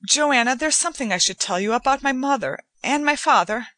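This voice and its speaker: Woman voicing an anxious young man, halting, cut-off sentences, dry close sound. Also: high voice, animated, pushed and bright, no echo, voice pushed up. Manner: halting, breaking off mid-sentence. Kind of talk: audiobook character voice.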